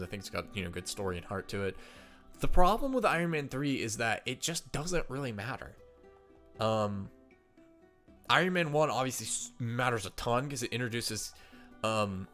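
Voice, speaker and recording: A man's voice: lowish voice, bright, forceful tone. A stuffed-up man chatting casually to viewers while ranking movies, thinking aloud with fillers and restarts.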